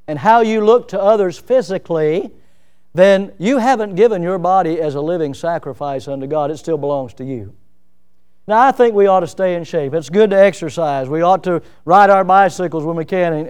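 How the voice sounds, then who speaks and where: A middle-aged pastor preaching with a notably high, smooth and resonant voice. His delivery rises into emphatic outbursts, and he slips in self-deprecating jokes. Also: a little mellow. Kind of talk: sermon.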